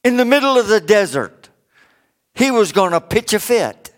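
A middle-aged man preaching a sermon, rising for emphasis and dropping low for joking asides. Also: sing-song, normal speed. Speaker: pastor.

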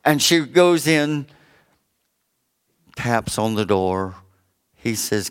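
A man preaching a sermon, telling a story slowly with dramatic pauses. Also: mid-range voice, animated, smooth.

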